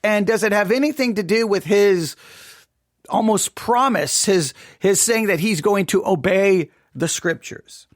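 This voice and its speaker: A man's voice: high-pitched, unhurried, no room sound, studio quality. A man giving a devotional Bible study talk, thinking aloud with frequent restarts and rhetorical questions. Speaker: Bible teacher.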